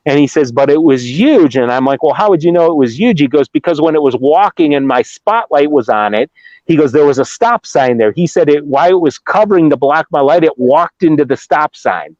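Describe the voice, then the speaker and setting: A man's voice: a little high, lively intonation, a little fast, a little mellow, no room sound. A middle-aged man from Ohio, telling a story in a casual, rambling way, with restarts and acted-out quotes. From Ohio, USA. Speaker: Bigfoot researcher guest. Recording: dull lo-fi dry remote audio.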